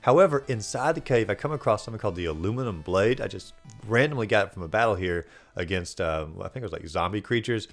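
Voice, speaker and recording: A man rattles quickly through a recap of his video game playthrough, his voice sitting on the low side. He rambles casually and fills his sentences with "uh" and "like." Faint game music plays behind him. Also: animated. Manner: casual, rambling, frequent fillers. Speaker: host.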